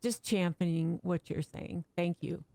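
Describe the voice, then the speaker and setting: A woman's voice: lowish voice, unhurried, gravelly, dry recording. A woman co-hosting a faith talk, speaking in an affirming, encouraging way. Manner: warm, affirming. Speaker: co-host.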